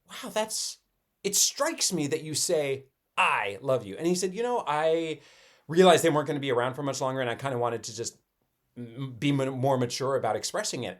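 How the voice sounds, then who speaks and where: A middle-aged man from Colorado, co-hosting a podcast in casual chat and telling stories with quoted dialogue. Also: on the high side. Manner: animated storytelling, with quoted dialogue. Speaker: podcast co-host.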